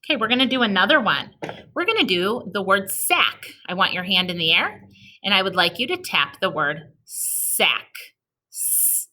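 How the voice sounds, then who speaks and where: A woman teaching an early-reading lesson to young children in a recorded video, sounding out each letter slowly and patiently and praising them. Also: medium pitch, big pitch swings, sharp tone.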